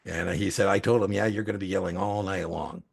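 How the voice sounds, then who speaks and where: A middle-aged man with a low, gravelly voice tells long anecdotes in loose conversation. His speech rambles, with frequent fillers and false starts, and his tone has a husky edge. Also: steady tone, fairly quick. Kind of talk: casual storytelling.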